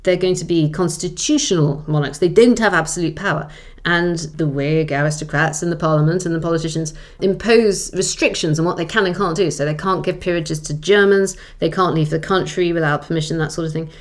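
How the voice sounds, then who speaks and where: A woman historian, a guest in an interview, telling history in a vivid, emphatic way with sudden jumps in pitch. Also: brisk. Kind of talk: conversational storytelling in an interview.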